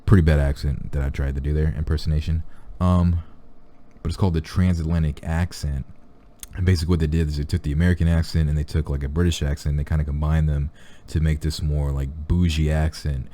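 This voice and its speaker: Brief: young male reaction host, very low dark voice, rambling loose chat. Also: little pitch movement, quick pace. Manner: rambling, full of fillers and restarts. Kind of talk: casual chat.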